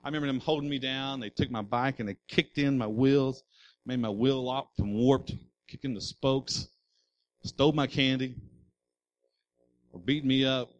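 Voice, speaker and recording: A man's voice: medium pitch, normal speed, pauses often, lo-fi sound. A male pastor preaching a sermon. He speaks in an emphatic, repetitive preaching cadence with folksy asides to the congregation. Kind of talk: sermon with personal storytelling.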